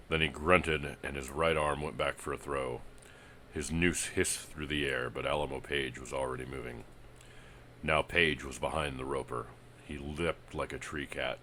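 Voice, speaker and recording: A man with an extremely deep voice narrates a vintage pulp western in a steady, dramatic reading. His delivery is measured and storytelling in tone. A faint hiss sits under the recording.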